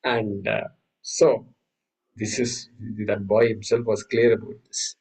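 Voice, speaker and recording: A man teaching a scripture class, telling stories with many restarts and reciting Sanskrit verses slowly. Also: on the low side, flat delivery, darkish tone, slightly rough, rough recording. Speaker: Vedanta teacher. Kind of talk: spiritual class lecture.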